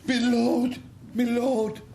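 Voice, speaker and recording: A man's voice: very high voice, flat delivery, slow pace, vocal fry, a little mellow, a little hiss or hum, full character voice. A man voicing a flustered old butler who blurts out news of a household disaster in theatrical alarm.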